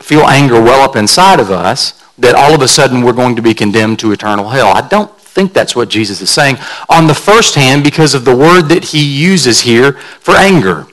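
A man preaching a sermon at a middle pitch. He speaks as a pastor in a relaxed, storytelling way, as if talking with his listeners. He takes time to explain word meanings as a teacher would. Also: low-quality recording.

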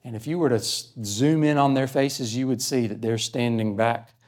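A man's voice: mid-range voice, fairly even intonation, normal speed, darkish tone. A man preaching a sermon, earnestly explaining a scripture passage and reading verses aloud. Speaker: pastor. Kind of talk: sermon teaching.

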